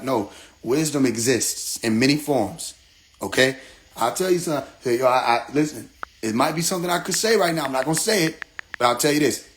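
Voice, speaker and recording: Animated man riffing on a livestream. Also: on the high side, normal speed. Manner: animated storytelling with playful mimicry and laughter. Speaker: livestream host. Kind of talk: casual livestream monologue.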